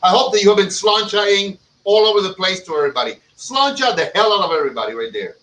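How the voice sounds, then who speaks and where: Guy cracking crude jokes, loud, sounds far off from the mic, bright tone. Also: sits high, expressive, fast. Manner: loud, joking, swears a lot, jumps into shouts. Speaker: podcast co-host. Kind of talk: casual profane banter. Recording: distant mic with faint background noise.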